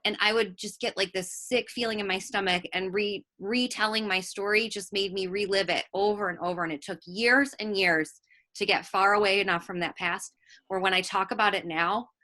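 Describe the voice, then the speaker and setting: A woman's voice: medium pitch, steady tone, normal speed, bright, forceful tone. A woman guest on a casual recovery podcast, speaking in an earnest and reflective way.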